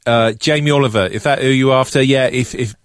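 A man's voice: medium pitch, a little fast, no echo, clean studio sound, pitched above the performer's own voice, lightly acted. A man doing a cheeky chef. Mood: chirpy. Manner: chirpy slang, mumbled. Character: cheeky English celebrity chef, chirpy.

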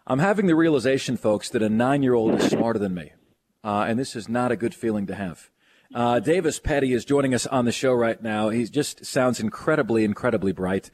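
A man's voice: a little fast, darkish tone. A man hosting a sports radio show, enthusiastic and joking as he interviews a guest. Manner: enthusiastic, joking, swings pitch widely.

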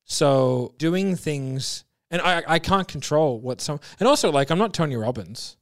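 A man's voice: on the high side, lively intonation, a little slow, no room sound, clean studio sound. A man talking sales as a podcast guest, blunt and emphatic, swearing freely and restarting his sentences often. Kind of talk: casual podcast conversation.

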